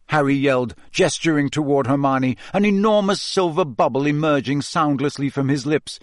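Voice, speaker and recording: A man giving a measured, expressive scripted narration of a fantasy novel. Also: fairly high pitch, dry recording, studio quality. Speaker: audiobook narrator.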